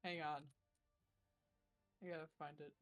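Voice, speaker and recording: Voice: mid-range voice, little pitch movement, measured pace, over loud music. A game master of a tabletop game, chatting casually and teasing the players in a playful way. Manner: playful, teasing, laughs often. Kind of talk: casual chat between players.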